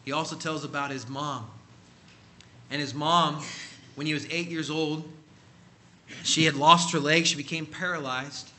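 Bright-voiced male preacher telling a story. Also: fairly high pitch, fairly even intonation, measured pace, pauses often, a little hiss or hum. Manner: emphatic, acts out quoted voices. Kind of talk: sermon storytelling.

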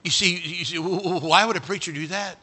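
Bright-voiced preacher. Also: male voice, high voice, brisk, husky. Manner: animated, dramatic, talks directly to the congregation. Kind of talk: sermon. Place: church.

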